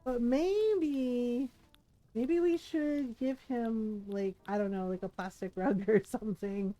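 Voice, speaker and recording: A woman's voice: a little high, slow pace, dark tone, soft background music. A woman streaming a game, chatting casually and thinking aloud with lots of fillers and little laughs. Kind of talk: casual gameplay commentary.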